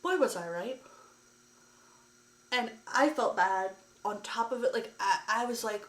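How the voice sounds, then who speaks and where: A woman's voice: on the high side, animated, unhurried, fairly bright tone. A woman vlogger telling a story to camera in a ranting, exasperated way, with lots of "like" fillers. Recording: echoey room.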